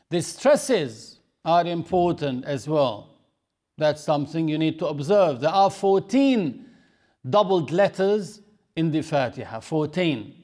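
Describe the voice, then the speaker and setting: Slow, high-voiced man teaching a religious lesson. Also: a little mellow. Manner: slow and deliberate, repeats key phrases for emphasis; demonstrates pronunciation of recited phrases.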